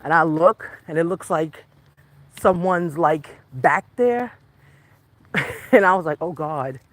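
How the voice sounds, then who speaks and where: A woman vlogging casually while walking outdoors, chatty and quick to laugh, talking to her dog along the way. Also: lowish voice, animated, dry recording. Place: outdoors on a residential street.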